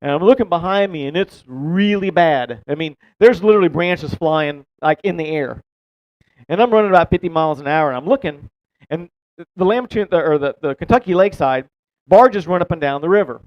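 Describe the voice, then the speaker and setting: Animated storytelling man, slightly high voice. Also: fairly quick, no echo. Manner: animated, rambling, swears, laughs while telling. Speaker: podcast co-host telling a fishing story. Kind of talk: casual storytelling. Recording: dull, dry close-mic sound.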